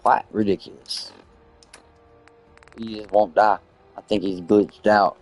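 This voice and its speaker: A man on a live game stream, casually telling a story in a profane, excitable way. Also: lowish voice, slow pace, faint music behind. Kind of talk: casual storytelling while gaming.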